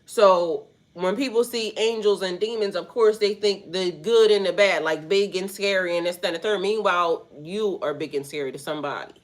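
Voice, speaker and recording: A woman's voice: mid-range voice, moderate pace, few pauses. Rambling, slangy spiritual coach woman. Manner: rambling, slangy, swears freely. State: stuffy, snotty nose. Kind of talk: casual spiritual talk to viewers.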